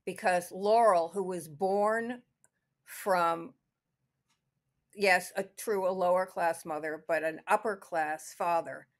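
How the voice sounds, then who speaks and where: A woman's voice: lowish voice, steady tone, takes it slowly. A woman co-hosting a podcast, talking through a classic film in a casual, thinking-aloud way with many restarts. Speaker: podcast co-host.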